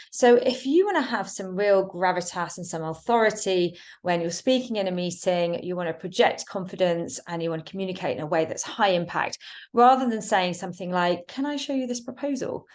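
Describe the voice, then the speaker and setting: A woman teaching workplace communication in a webinar, with a clear, emphatic delivery and deliberate pauses. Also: medium pitch. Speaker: communication trainer.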